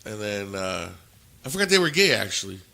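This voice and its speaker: A man's voice: lowish voice, sing-song, a little fast, vocal fry, bright, forceful tone. A man co-hosting a podcast, telling a story in blunt, profane casual chat and quoting what people said. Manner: profane, blunt, quotes people in his stories. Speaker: podcast co-host.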